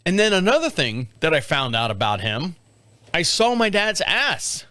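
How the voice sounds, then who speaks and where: A man's voice: on the high side, sing-song, normal speed, noisy background. A man in his fifties hosting a podcast, telling a story in a casual, candid way, swearing and laughing often. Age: 50s. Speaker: podcast host.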